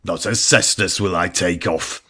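A man's voice: deep voice, fairly even intonation, unhurried, sharp tone, exaggerated voice. A narrator voicing a stubborn old pirate captain who splutters his refusals. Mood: defiant. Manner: spluttering, defiant.

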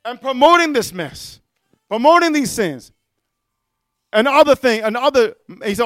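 A man preaching a fiery sermon in a very high, bright voice. His tone is smooth and clear, and he keeps calling out amen and hallelujah, rising to shouts at his peaks. The sound is dry and close. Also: very animated, moderate pace, pauses often, no room sound. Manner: mocks quoted figures in singsong voices.

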